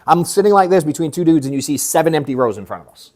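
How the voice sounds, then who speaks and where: Man, sales coach, casual storytelling to a workshop audience, slangy and profane, animated quotes. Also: a little high, fast. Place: event room at an in-person workshop.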